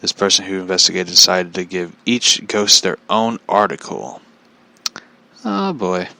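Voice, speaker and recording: A man hosts a podcast in loose, casual chat. His voice sits fairly low but swings widely, with a bright, forward edge. He rambles and stalls, filling gaps with "like". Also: lively intonation, creaky. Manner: rambling, halting, full of "like" fillers and chuckles. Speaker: podcast host.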